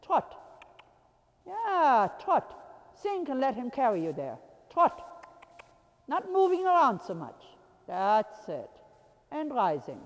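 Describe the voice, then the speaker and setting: A woman coaching a rider, calling out short repeated commands and laughing now and then. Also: high voice. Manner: commanding, repetitive short calls, occasional laughs. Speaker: riding instructor. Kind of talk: coaching a rider from the arena floor. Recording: long hall reverb.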